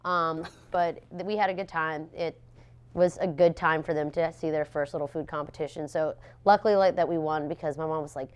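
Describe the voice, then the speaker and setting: A young woman, a pastry chef, telling stories in a casual interview, animated and laughing often as she acts out what people said. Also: sits low, brisk, clear, resonant tone.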